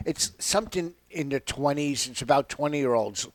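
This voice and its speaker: A man's voice: on the high side, moderate pace, no echo. A man, a comedian, telling stories in a casual radio talk and laughing often. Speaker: guest comedian.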